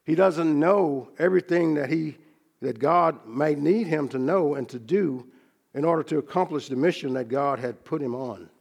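A man preaching a sermon, teaching from scripture in a measured, earnest way and slowing down to stress key phrases. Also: a little high, vocal fry, darkish tone, breathy edge.

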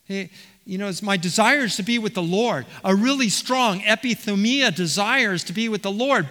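A man's voice: high voice, normal speed, pushed and bright. A man preaching a verse-by-verse sermon as the pastor, reading passages aloud and often restarting his phrases. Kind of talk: expository sermon. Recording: reverberant hall.

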